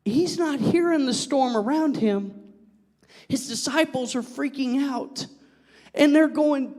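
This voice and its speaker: Young male pastor, high voice, lively sermon with asides to the room, long reverb of the church hall. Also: slow pace. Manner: animated, joking with the congregation, drops to a near whisper.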